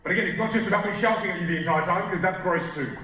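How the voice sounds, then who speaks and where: Male seminar coach on stage, lively and emphatic, heard from afar in a very reverberant hall. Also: high voice, racing. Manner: animated, shifts volume and pace for emphasis. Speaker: communication coach. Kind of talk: live seminar talk to an audience. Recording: very echoey hall, distant mic, faint hiss.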